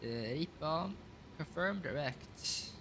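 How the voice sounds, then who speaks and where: A flight sim streamer with a fairly high, gravelly voice takes it slowly but stays animated as he casually talks through a simulated airliner flight. He calls out checklist items and thinks aloud with many fillers, against background noise.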